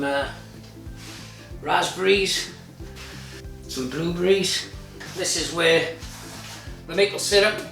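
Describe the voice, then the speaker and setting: A man's voice: a little high, fairly bright tone, far from the mic. A man in his forties hosting a casual cooking vlog, chatty and jokey, swearing freely. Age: 40s. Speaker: cooking show host. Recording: echoey room, off-mic, music behind.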